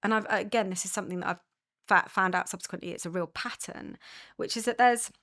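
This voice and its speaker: A woman's voice: medium pitch, steady tone, fast, fairly bright tone. A woman with an English accent, a podcast guest speaking earnestly about her past in candid conversation. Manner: earnest, many restarts, mimics others' voices in quotes. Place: podcast studio.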